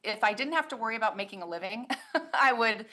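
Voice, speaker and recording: A woman's voice: fairly high pitch, lively intonation, fast talker, pushed and bright. A woman who leads a labor union, giving friendly, chatty answers as a podcast guest and laughing easily. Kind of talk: casual interview answers.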